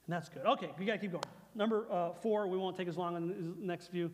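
A man's voice: high voice, steady tone, fairly quick, hardly any pauses, in a large hall, a little hiss or hum. A man preaching a conversational sermon as pastor, repeating phrases for emphasis. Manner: conversational preaching, repeats phrases, acts out God's lines softly.

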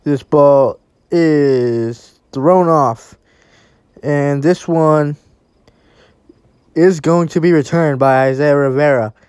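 A play-by-play commentator calling a game live, calm on routine snaps and breaking into excited shouts on big plays. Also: medium pitch, slow, long pauses, clean tone, no echo.

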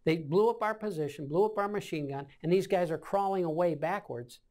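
A man's voice: sits high, a little fast, a little mellow. A man in his seventies, a war veteran, recounting combat memories in an oral-history interview, acting out scenes with sound effects. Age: 70s.

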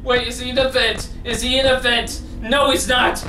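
A woman's voice: on the high side, steady tone, measured pace, echoey room, far from the mic, background noise. A woman gamer at home commentating a horror game, jumpy and swearing, often screaming. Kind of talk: let's play commentary. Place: at home, indoors.

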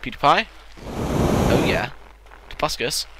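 A young man giving excitable, joking let's-play commentary, crude and sarcastic. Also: medium pitch, takes it slowly. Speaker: gaming channel host. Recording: loud background noise.

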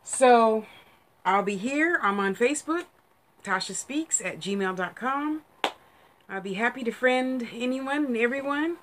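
A woman's voice: fairly high pitch, lively intonation, measured pace, a little hiss or hum. A woman hosts a casual psychic livestream. She talks in a rambling, effusive way and laughs often, gushing over her viewers as she chats. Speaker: psychic medium livestream host.

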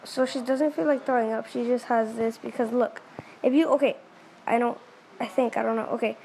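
A woman casually reacting out loud as she reads a chat story, excitable and full of quick exclamations. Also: fairly high pitch, creaky, a little hiss or hum. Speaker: vlogger reading a chat story.

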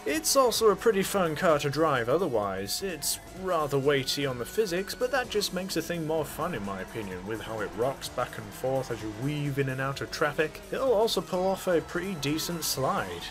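A man narrating a casual game review in a chatty, offhand way, with jokey asides. His voice sits a little high for a man. Faint music plays behind him. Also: big pitch swings, normal speed. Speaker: gaming channel host.

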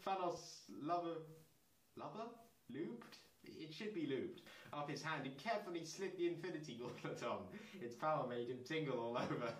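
A man's voice: mid-range voice, a bit bright, roomy sound, slight background noise, poor audio. A man hosting his channel, reading fan fiction aloud with incredulous comments and asides. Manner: incredulous, breaks into laughter and asides.

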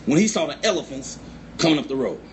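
A man doing a loud, playful stand-up comedy set and teasing the crowd. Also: a little high, big pitch swings, quick pace. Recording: noisy live recording.

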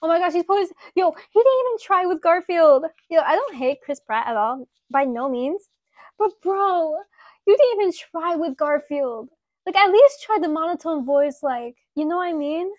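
A woman's voice: very high-pitched, lively intonation, normal speed, a little mellow, dry recording. A woman in her late twenties hosting a casual live stream, chatting and giggling with her chat while sculpting clay. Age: 20s. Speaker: livestream host.

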